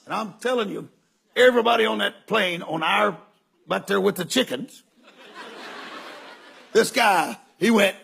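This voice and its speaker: An older man preaching, telling stories in an animated way that breaks into shouts and laughter. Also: sits high, a little slow, gravelly, pauses often, a little hiss or hum. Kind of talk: sermon storytelling.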